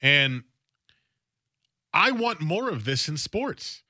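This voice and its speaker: Bright, dry-voiced male sports radio host. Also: fairly high pitch, slow pace, no room sound. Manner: conversational, animated, often restarts phrases. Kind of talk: casual sports talk radio monologue. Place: radio studio.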